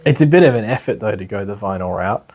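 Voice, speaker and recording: A man's voice: lowish voice, animated, fast, a little mellow, slight background noise. Chatty man teaching a class. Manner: chatty and rambling, with frequent "you know" and laughs. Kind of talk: casual spoken lecture to a class.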